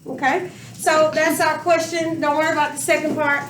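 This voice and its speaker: A woman's voice: high voice, level tone, moderate pace, a bit bright, a little hiss or hum. A woman teaching a math class, questioning her students and stretching out words for emphasis. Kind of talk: classroom lesson. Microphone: camera across the room. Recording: echoey classroom from far off.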